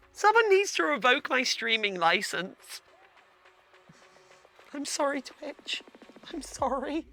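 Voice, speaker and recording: A woman chats casually as she streams her fursuit work, reading chat aloud and breaking into silly sung bits. Her voice is bright and fairly high and swoops all over. Faint music plays behind her. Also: vocal fry.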